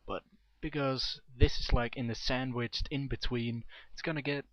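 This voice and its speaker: A man's voice: mid-range voice, steady tone, normal speed, a bit bright, dry recording. A young man casting a video game match in a chatty, rambling way, often correcting himself. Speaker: game commentator. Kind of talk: amateur esports commentary. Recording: dull, dry home mic.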